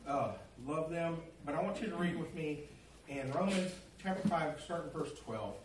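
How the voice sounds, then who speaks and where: A man delivers a sermon, rambling and folksy with plenty of "uh"s. His voice sits a little high for a man. He is heard from a distance in an echoey church sanctuary with faint room noise. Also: normal speed. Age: middle-aged or older. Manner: folksy, rambling with many fillers. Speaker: pastor. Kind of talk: sermon with storytelling.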